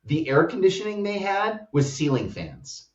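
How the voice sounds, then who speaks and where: American male guest, animated rambling anecdote, mic set back, dull lo-fi sound. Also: on the high side, normal speed. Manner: animated, rambling storyteller with many "like" fillers. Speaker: startup co-founder guest. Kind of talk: casual travel storytelling. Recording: roomy, distant, dull-sounding audio.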